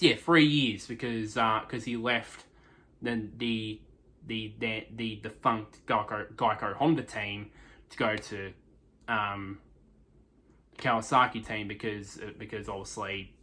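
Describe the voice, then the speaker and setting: A man's voice: on the low side, pushed and bright. A man giving a casual motorsport race review in a rambling way, with constant restarts and fillers.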